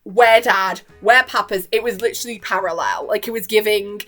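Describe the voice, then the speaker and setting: A young woman vlogs casually at home into a webcam, recapping a cartoon episode in a chatty, giggly way packed with fillers like "like." Her medium-pitched voice is steady and a bit bright at a moderate pace, with soft background music.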